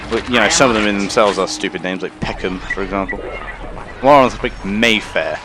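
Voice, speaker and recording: A man's voice: lowish voice, a little fast, background noise. A man streaming a game in casual chat, rambling and swearing casually.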